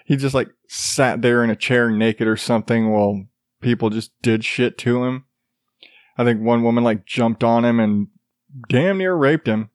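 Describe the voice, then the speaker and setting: A man's voice: medium pitch, moderate pace, no room sound, clean studio sound. A middle-aged man hosting a show, ranting crudely in casual monologue and laughing at his own jokes. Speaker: podcast host.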